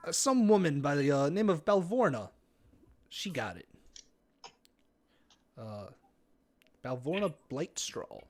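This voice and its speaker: A male game master narrates a tabletop game on stream, rambling and cursing loosely as he goes. His pitch rises and falls in a lively way. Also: takes it slowly, long pauses. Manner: casual, rambling, swears freely.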